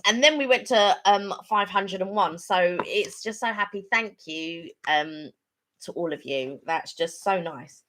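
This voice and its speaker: A woman's voice: mid-range voice, measured pace, sharp tone. A middle-aged woman co-hosting a casual live-stream chat, rambling and chatty, laughing easily. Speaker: channel co-host.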